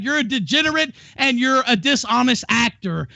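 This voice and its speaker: High gravelly man yelling insults. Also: big pitch swings, normal speed, no room sound, clean studio sound. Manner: aggressive, yelling, profane insults. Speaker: talk show host in a debate. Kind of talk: heated live-stream debate.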